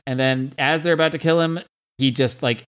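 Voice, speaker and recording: A man hosting a podcast, retelling a comic story in a relaxed, chatty way. He swears freely and reads the characters' lines in loose put-on voices before sliding back into his own easy tone. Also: mid-range voice, brisk, clean tone. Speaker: podcast host recapping a comic. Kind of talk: casual recap with read-out dialogue.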